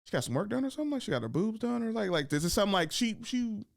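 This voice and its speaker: A man hosting a podcast, slangy and profane, telling animated stories and acting out quotes. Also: high voice, racing, vocal fry, no echo, clean studio sound. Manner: animated storytelling, acts out quotes and drops into whispers. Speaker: podcast host. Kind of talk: casual podcast chat.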